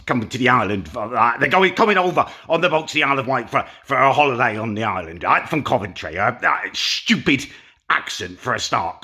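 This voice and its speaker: Guy rambling on his vlog, a bit husky and bright, moans a lot about his weekend. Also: medium pitch. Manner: rambling, self-deprecating, complaining. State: hungover. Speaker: vlogger. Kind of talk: casual vlog.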